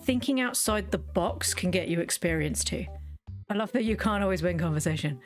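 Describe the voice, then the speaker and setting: A woman's voice: lowish voice, expressive, brisk, soft background music. Chatty woman streaming a game. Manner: rambling, chatty, self-interrupting, playful asides. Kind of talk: casual gameplay chat.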